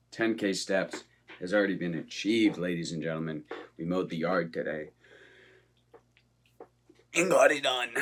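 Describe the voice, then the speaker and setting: A man vlogging in a casual, upbeat way, talking straight to his viewers. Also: deep voice. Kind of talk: casual vlog chat.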